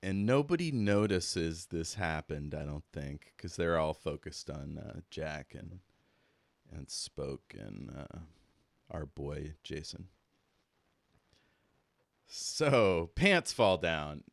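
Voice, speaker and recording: Slow, deep-voiced man running a game. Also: animated, creaky, no echo. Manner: laid-back, rambling with fillers. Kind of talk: narrating a tabletop game.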